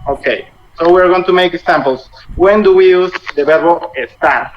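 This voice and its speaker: A man with a Latin American Spanish accent, teaching a language class online, explaining grammar slowly and patiently in simple English. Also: fairly high pitch. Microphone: video call. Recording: muffled video-call audio with faint noise.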